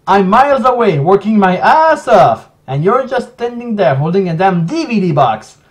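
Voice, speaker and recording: A non-native English-speaking man voicing a sneering male narrator who insults the reader in a loud, mocking, exaggerated way. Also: high voice, big pitch swings, slow pace, far from the mic, full character voice. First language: not English.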